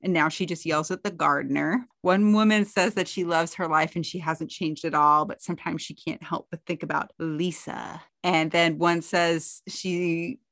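A woman's voice: steady tone, moderate pace, hardly any pauses, a bit bright, no room sound. Chatty woman recapping, dry close mic. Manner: chatty retelling, acting out quotes in a higher voice. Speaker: podcast co-host. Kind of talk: casual recap chat.

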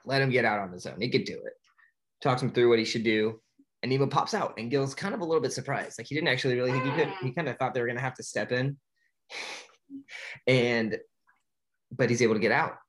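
A man's voice: mid-range voice, quick pace, long pauses, fairly bright tone. A man retelling a film plot in casual chat, talking loosely with many fillers and restarts and laughing often. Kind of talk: casual movie recap chat.

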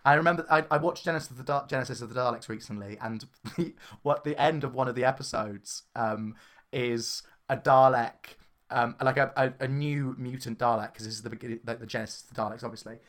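Southern English male co-host, casual and animated, bright tone, laughs easily. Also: mid-range voice, a little fast. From southern England. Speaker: podcast co-host. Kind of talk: casual chat.

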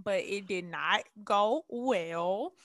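A woman casually recapping a TV episode, animated and acting out the characters' lines as she tells it. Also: medium pitch, extremely slow, no room sound. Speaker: TV recap podcast co-host.

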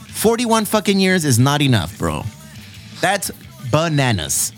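A man's voice: fairly high pitch, wildly swooping pitch, measured pace, faint music behind. A man in his forties hosting a casual podcast, laughing often, swearing freely and stretching out headlines for emphasis. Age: 40s. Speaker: podcast host.

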